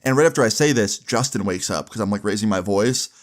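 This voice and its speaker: A man's voice: fairly low pitch, fast talker. A young man casually telling a long story, rambling with many asides and swearing freely.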